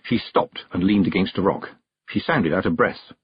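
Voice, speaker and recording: A man narrating a fantasy novel aloud in a lively, expressive storytelling manner. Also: sits low, moderate pace, a little hiss or hum. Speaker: audiobook narrator. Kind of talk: scripted narration. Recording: dull, dry close recording.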